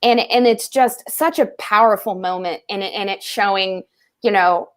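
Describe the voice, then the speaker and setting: A woman co-hosting a film discussion podcast, animated and joking, laughing often between earnest points. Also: medium pitch, normal speed. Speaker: co-host.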